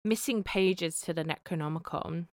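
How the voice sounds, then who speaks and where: A woman co-hosting a podcast, chatting casually, animated and laughing often. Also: on the low side, normal speed, no room sound. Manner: animated, laughing, swears freely. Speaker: podcast co-host. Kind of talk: casual chat.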